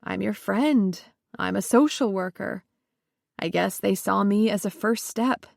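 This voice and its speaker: Woman voicing a soft-spoken anxious social worker. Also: mid-range voice, unhurried, gravelly, no echo, studio quality. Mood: placating. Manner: soft, hedging and placating.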